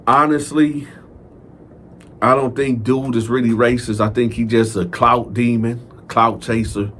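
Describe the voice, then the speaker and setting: A man hosting a casual storytelling video, recounting prison stories to viewers in a profane, animated way. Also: lowish voice, a little hiss or hum. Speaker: host telling prison stories.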